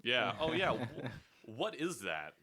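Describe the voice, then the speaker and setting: A man's voice: mid-range voice, big pitch swings, takes it slowly, sharp tone. A young man hosting a casual gaming podcast in a laid-back, joking way. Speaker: host. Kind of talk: casual chat.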